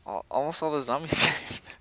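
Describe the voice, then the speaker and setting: Bright-voiced young man running a tabletop game. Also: fairly high pitch, moderate pace. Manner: laughs often, relaxed and chatty. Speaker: game master. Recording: dull lo-fi recording.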